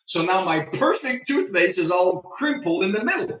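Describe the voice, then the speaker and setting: A man talking as a podcast guest in a casual chat, an animated storyteller who acts out his own lines. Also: high-pitched, normal speed, recorded from a distance. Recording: echoey room, away from the mic.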